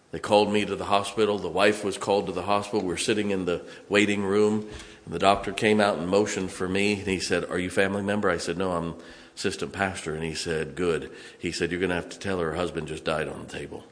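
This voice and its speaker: A man preaching a sermon as pastor, telling stories from the pulpit and breaking into song and shouts. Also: low voice, flat delivery, brisk, in a large hall. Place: church sanctuary.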